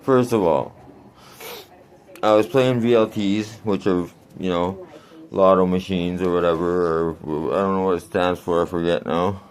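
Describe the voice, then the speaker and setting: A man's voice: low-pitched, fairly even intonation, measured pace, smooth. A man in his forties telling a rambling, crude story in a casual vlog, laughing often. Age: 40s. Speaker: vlogger.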